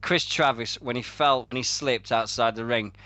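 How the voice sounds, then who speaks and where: Bloke hosting a radio chat, bright forceful voice, dry close sound, swears a lot telling stories. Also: male voice, medium pitch, moderate pace, dry recording. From Sheffield, England. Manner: animated storytelling with heavy swearing and laughter. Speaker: radio show host. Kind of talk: casual chat.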